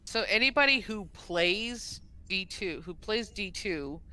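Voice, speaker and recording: A woman co-hosts a live stream in a relaxed, playful chat. Her voice is bright and smooth, with a crisp, clean tone. She often laughs along with her partner. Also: medium pitch, slow, poor audio. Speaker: streamer and co-host.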